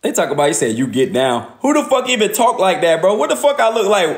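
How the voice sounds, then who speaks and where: A man's voice: sits high, big pitch swings, fast. A man ranting casually on a livestream, profane and laughing often.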